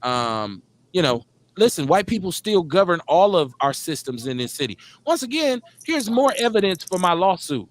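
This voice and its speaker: Fired-up, profane talk radio host, high-pitched. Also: male voice, very animated, normal speed. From Milwaukee, Wisconsin. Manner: fired up, profane, emphatic, rhetorical questions. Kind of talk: heated political talk radio rant.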